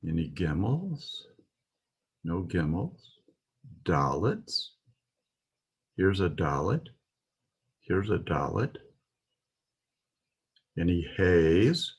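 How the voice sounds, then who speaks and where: A man's voice: low voice, big pitch swings, extremely slow, long pauses, husky. A man teaching a Hebrew alphabet lesson, patiently explaining and pointing out letters.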